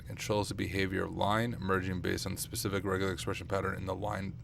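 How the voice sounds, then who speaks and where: A young man talks casually to his live-stream viewers late at night, thinking aloud as he works and poking fun at his own mistakes. His fairly low voice is getting rough from too much streaming. Faint keyboard typing can be heard behind him at his desk mic. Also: level tone, fast talker, noisy background. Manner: thinking aloud, self-deprecating, chatty with viewers. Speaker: streamer, penetration tester. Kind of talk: casual live-stream talk while working. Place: home computer room at night.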